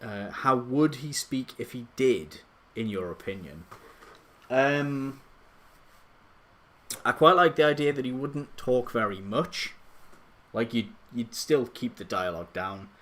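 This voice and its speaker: A man's voice: medium pitch, slow pace, a bit bright. A man live streaming late at night from his home computer, rambling and self-deprecating, with lots of hesitant restarts. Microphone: desktop USB microphone.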